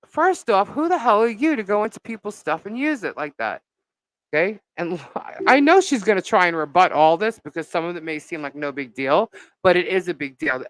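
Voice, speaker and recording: Woman, vlogger, gossip rant on a live stream, indignant, smooth voice, dry close mic. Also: lowish voice, normal speed, dry recording, poor audio. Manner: animated, indignant storytelling with many fillers.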